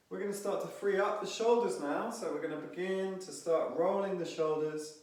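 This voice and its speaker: Male movement instructor, slightly high voice, calm step-by-step cues, recorded far off in a very echoey room. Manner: calm, instructive, counting and cueing each movement. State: slightly out of breath. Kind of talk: guided movement and breathing class.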